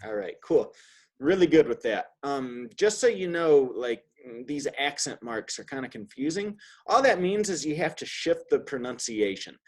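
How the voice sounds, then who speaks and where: A man's voice: medium pitch, big pitch swings, normal speed. Man, spanish teacher, online lesson, casual and upbeat, drills words for repetition, video call.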